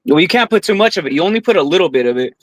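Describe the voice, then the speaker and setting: A man co-hosting a casual podcast, spinning long, profane stories and peppering them with "bro." His voice sits a little high, and the sound is close and dry. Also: expressive, very fast, dry recording, poor audio. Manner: profane, storytelling, says bro often. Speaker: podcast co-host. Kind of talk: casual chat.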